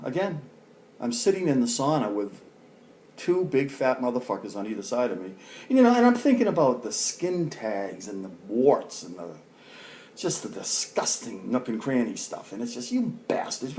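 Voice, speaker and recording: A man's voice: medium pitch, very animated, moderate pace, a little mellow, a little hiss or hum. A middle-aged man venting in a rambling, profane vlog rant full of fillers. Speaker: vlogger. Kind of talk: ranting vlog monologue.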